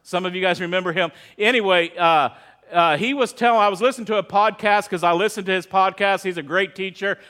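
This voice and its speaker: High-voiced pastor telling a story. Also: male voice, fairly quick, sharp tone, clear, resonant tone. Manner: storytelling, conversational, with quoted voices. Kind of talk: sermon.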